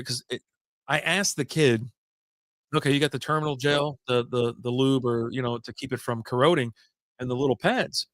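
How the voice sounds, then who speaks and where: A man's voice: mid-range voice, fairly bright tone, dry recording. Rambling man on a dry close mic. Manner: rambling, jumps between stories, swears casually. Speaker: podcast host. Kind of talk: casual beer chat.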